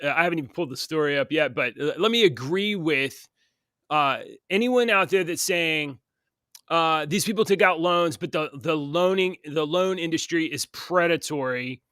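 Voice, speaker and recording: Hesitant man with a slightly high voice. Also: normal speed, sharp tone, clean tone, no room sound, clean studio sound. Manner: hesitant, many fillers and restarts while building a point. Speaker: co-host. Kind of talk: casual political chat.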